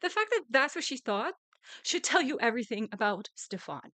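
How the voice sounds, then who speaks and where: A woman's voice: on the high side, big pitch swings, normal speed, fairly bright tone, dry recording. Angry ranting woman streamer, dry sound. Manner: angry, ranting, swearing, with bursts of laughter. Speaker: live reaction streamer. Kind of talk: live reaction commentary.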